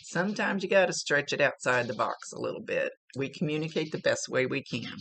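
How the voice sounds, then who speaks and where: Creaky-voiced woman giving a psychic reading. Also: sits low, animated, brisk, a bit bright. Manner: rambling, searching for words. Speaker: psychic medium. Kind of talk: spiritual reading, casual monologue.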